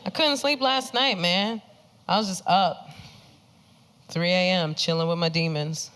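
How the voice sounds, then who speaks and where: A woman's voice: on the low side, measured pace, fairly bright tone. A woman performing a stand-up comedy set, acting out the people she quotes with big jumps in her voice.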